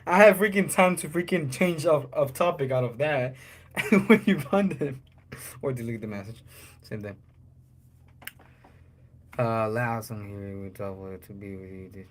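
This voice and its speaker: A man's voice: medium pitch, normal speed, long pauses, a little hiss or hum. A man talking loosely on a livestream, joking and cursing as he answers chat. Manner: loose and joking, curses a lot, chats with viewers.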